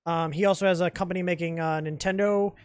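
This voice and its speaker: High-voiced blunt young man chatting. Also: steady tone, fast talker, smooth, no room sound. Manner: blunt, opinionated, joking. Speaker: live stream co-host. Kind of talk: casual live stream chat.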